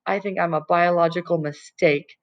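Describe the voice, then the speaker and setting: A woman's voice: fairly low pitch, fairly even intonation, normal speed, muffled recording, lightly acted. A woman voicing a tearful, insecure teenage girl with a shaky, self-doubting way of talking.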